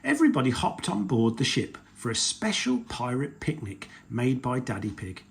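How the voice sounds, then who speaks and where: A man reading a picture book aloud to children, slow and expressive. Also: mid-range voice.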